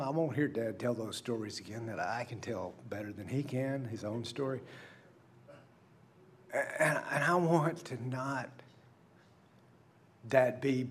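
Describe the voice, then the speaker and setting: A middle-aged male pastor preaching a sermon in a conversational storytelling way, dropping to hushed asides and climbing to emphatic peaks. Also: mid-range voice, husky.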